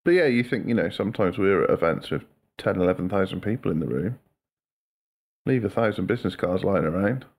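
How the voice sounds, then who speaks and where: Deep-voiced man chatting casually. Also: lively intonation, fairly quick, darkish tone. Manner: chatty storyteller, slips into mocking voices. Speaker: podcast co-host. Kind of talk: casual podcast chat.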